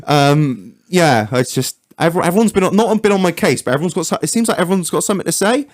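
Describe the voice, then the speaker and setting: A man co-hosting a podcast, telling sweary, animated stories in casual banter. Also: on the high side, fast talker, dry recording, clean studio sound. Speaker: podcast co-host.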